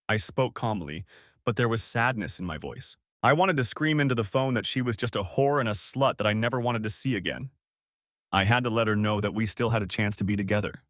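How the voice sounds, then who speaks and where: A man narrating a first-person story about revenge on a cheating wife, reading in a steady, expressive way. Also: on the low side, brisk, dry recording, studio quality.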